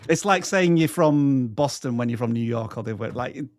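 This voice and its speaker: A man co-hosting a live stream channel review, chatty and quick to laugh. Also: mid-range voice, expressive, no room sound, clean studio sound.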